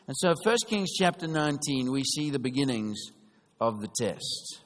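A man preaching a sermon, telling a story in a chatty, animated way and often checking in with his listeners. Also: mid-range voice, normal speed, a little hiss or hum. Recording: long reverb of a large hall.

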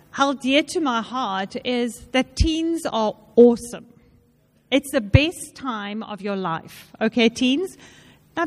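High-voiced woman sharing stories. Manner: chatty personal storytelling. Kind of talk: sermon.

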